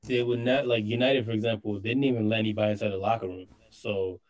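A man's voice: on the low side, fast, low-quality recording. Chatty man telling soccer stories. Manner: animated, filler-heavy storytelling. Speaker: podcast guest, soccer show host. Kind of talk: casual chat.

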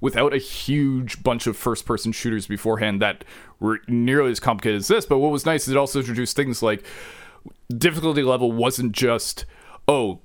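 A man's voice: mid-range voice, fairly quick, no echo, clean studio sound. A man co-hosting a casual podcast, telling long, digressive stories full of restarts and side remarks. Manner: rambling, digressive storytelling with many restarts. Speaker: podcast co-host.

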